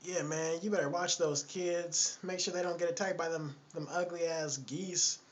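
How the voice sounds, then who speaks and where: A man voicing a loud, foul-mouthed woman who nags and scolds at a park. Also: steady tone, moderate pace, a little hiss or hum, natural voice. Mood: loud, brash. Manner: shrill, scolding, swearing constantly.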